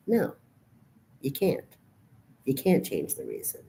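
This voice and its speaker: A middle-aged woman speaks to her camera in a notably low, heavy voice. She vents in a raw, profanity-laced monologue. Her volume swings between quiet brooding and loud outbursts. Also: wildly swooping pitch, a little slow, gravelly, long pauses, slight background noise. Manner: raw, profane, venting rant. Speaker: vlogger.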